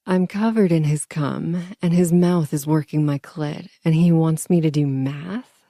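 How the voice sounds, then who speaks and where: A woman's voice: sits low, steady tone, unhurried, mellow, dry recording, studio quality. A woman narrating a first-person audiobook in an intimate, murmuring manner.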